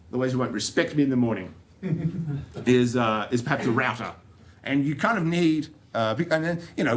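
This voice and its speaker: An Australian man giving a technical talk to an audience, joking and rambling with plenty of fillers and restarts. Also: mid-range voice. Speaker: conference speaker. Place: conference room.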